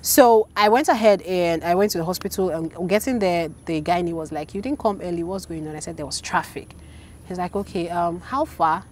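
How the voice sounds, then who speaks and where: A woman in her thirties, an interview guest telling a personal story in casual chat, animated and acting out the voices of people she quotes. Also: fairly low pitch, a little fast, slight background noise.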